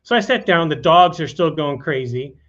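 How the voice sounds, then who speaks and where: A man, a talk show guest, telling a personal story in a relaxed, conversational way with frequent "you know" asides. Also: fairly high pitch, normal speed. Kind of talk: casual storytelling. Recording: dull lo-fi sound.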